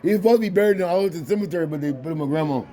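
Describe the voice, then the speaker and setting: A man's voice: fairly high pitch, rapid-fire, mellow. A man telling a family story in a casual, emotional way, repeating phrases and restarting his sentences. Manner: repetitive, restarts phrases, insistent.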